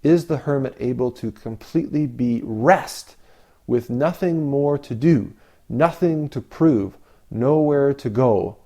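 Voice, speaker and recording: Slow, reflective male Zen teacher. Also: mid-range voice, warm tone. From Canada. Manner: slow, reflective, with long pauses and rhetorical questions. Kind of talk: dharma talk.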